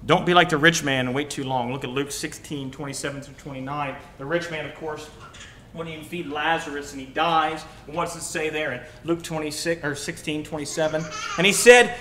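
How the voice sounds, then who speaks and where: A young man preaching a sermon, emphatic, swinging between loud urging and quiet asides. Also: fairly high pitch, fairly even intonation, a little fast, slight background noise. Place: church sanctuary. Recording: echoey church hall.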